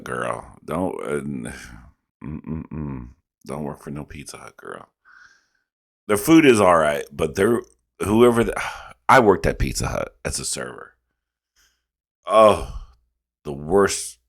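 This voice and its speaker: Man, very low voice, profane, animated reaction-video storyteller. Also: gravelly. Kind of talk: casual reaction commentary.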